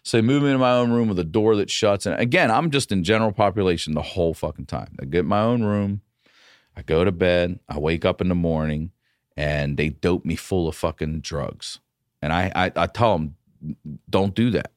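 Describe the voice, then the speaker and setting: A man, a comedian guest on a podcast, telling a story in a casual, profane, animated way. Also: sits low, moderate pace, dry recording, clean studio sound.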